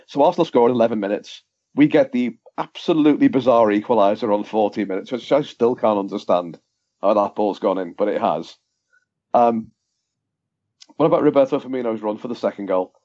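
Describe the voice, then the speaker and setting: A man co-hosting a football podcast, telling match stories in casual chat and acting out what people shouted. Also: on the low side, fairly quick. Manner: animated storyteller, acts out quotes. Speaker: podcast co-host. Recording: dull lo-fi podcast audio.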